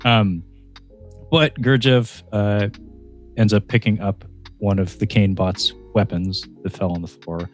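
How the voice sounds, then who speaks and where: A man's voice: lowish voice, steady tone, measured pace, soft background music. A man co-hosting a casual film review podcast, recapping the plot in a rambling way with frequent laughs and restarts. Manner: laughs often, rambling with many restarts and fillers.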